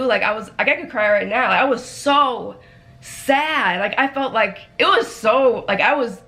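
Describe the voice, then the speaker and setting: A woman's voice: fairly high pitch, normal speed, soft background music. A woman vlogger, candidly recounting a friendship falling-out, full of "like" fillers. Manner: animated storytelling with frequent "like" fillers. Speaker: vlog co-host.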